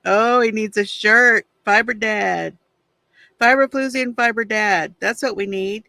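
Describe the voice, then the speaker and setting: A woman's voice: mid-range voice, unhurried, vocal fry, pushed and bright, no room sound. A middle-aged woman hosting a craft livestream, chatting casually and confidingly while she colors, with frequent sighs. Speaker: craft channel host.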